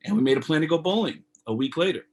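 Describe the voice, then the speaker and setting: A man's voice: fairly high pitch, quick pace, poor audio. A man, a comedian, telling a long anecdote on a video call in a casual, profane way, jumping into other people's voices as he goes. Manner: animated, profane, acts out others' lines in raised voices. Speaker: comedian guest. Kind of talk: casual storytelling interview.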